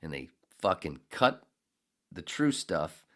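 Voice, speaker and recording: Podcast host, male, deep and highly animated, profane sarcastic ranter. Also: takes it slowly. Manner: angry, profane, sarcastic, swings between muttering and shouting. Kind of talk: ranting monologue.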